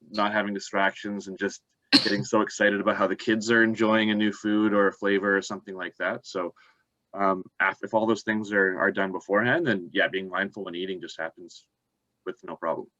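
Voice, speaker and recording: A man on a group video call speaking in a measured, reflective way. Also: lowish voice, fairly bright tone, no echo, highs cut off. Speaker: participant, parent. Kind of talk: casual chat on a video call. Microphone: video call mic.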